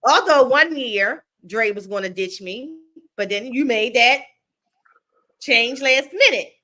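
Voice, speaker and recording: A woman's voice: fairly high pitch, animated, slow pace, sharp tone. A woman co-hosting a podcast in casual chat, blunt and teasing, laughing often. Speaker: podcast co-host.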